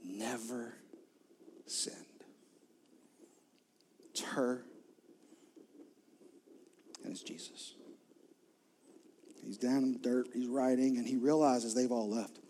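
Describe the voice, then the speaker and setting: A man's voice: medium pitch, fairly even intonation, slow, long pauses, a little hiss or hum. Dramatic male pastor preaching a sermon. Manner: dramatic swings from loud emphasis to soft near-whispers; retells scripture in vivid storytelling.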